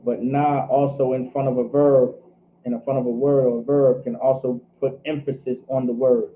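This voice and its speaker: A man's voice: medium pitch, flat delivery, normal speed, a little hiss or hum. A man teaching a Hebrew scripture class who thinks aloud, double-checks himself and keeps saying "all right". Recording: tinny phone-like line.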